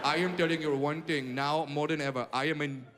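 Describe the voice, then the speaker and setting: A man's voice: a little high, steady tone, a little fast, pitched below the performer's own voice, natural voice. A comedian doing a frantic Indian-accented guy. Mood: frantic pleading. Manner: pleading, overly formal phrasing. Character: frantic male friend begging for tech help. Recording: echoey hall, audience noise.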